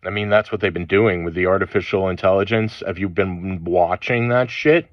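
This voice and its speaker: A man delivering a rambling spiritual monologue, angry and profane, with halting pauses between phrases. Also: low-pitched, steady tone, no echo. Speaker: channel host. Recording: dull lo-fi dry recording.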